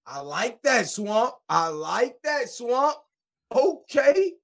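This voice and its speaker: High-voiced hyped male stream host. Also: slow, vocal fry. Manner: hyped, excitable, heavy slang. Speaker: show host reacting to rap tracks. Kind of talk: casual live-stream chat.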